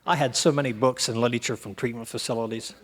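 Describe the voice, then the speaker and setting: A middle-aged man from Ohio speaking at a recovery meeting, telling his story in an animated way and acting out the dialogue in voices. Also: medium pitch, quick pace. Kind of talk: storytelling talk to an audience.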